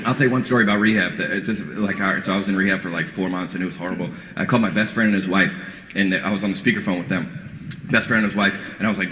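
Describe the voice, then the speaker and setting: A man's voice: low voice, very fast. A man doing stand-up comedy on a live stage, rambling and self-deprecating, with stumbling restarts. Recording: echoey hall with loud ambience.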